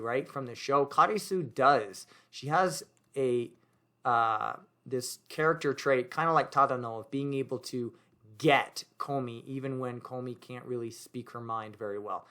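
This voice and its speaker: A man's voice: medium pitch, moderate pace, pushed and bright. A man teaching grammar, thinking aloud as he writes and explains, with easy fillers and self-corrections. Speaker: language teacher. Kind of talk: explaining grammar while writing on a board.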